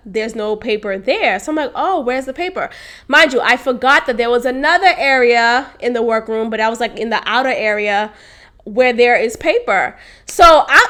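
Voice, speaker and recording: A woman's voice: high-pitched, a bit bright. A young woman hosting a podcast, telling a workplace story casually and candidly, swearing freely and laughing as she goes. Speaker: podcast host.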